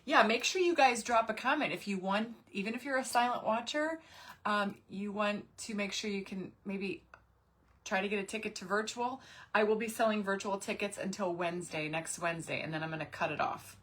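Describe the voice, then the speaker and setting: A woman's voice: medium pitch, brisk, a bit bright, husky. A woman, hosting a casual craft livestream and chatting with viewers, greeting them by name. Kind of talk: casual live craft stream chat.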